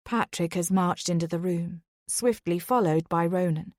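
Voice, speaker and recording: A woman narrating a first-person thriller in a measured, even storytelling manner. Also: fairly low pitch, no room sound, clean studio sound. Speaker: audiobook narrator.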